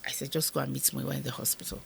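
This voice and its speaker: A woman's voice: a bass voice, rapid-fire, gravelly, slight background noise. A Nigerian woman in her fifties, an interview guest telling an emotional personal story and acting out the dialogue as she goes. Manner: vivid retelling that acts out the dialogue.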